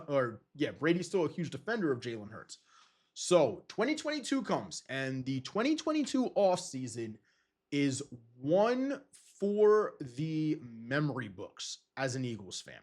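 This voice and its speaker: Young man in excitable sports talk. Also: a little high, normal speed. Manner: excitable, rambling, swears freely. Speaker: podcast host.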